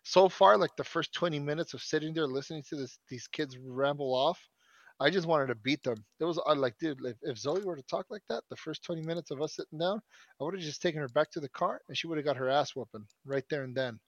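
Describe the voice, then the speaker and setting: A man in his thirties spins a long, rambling story in a casual chat, swearing a lot and constantly restarting his sentences. He speaks fast in a slightly high voice, captured in a dry, lo-fi recording.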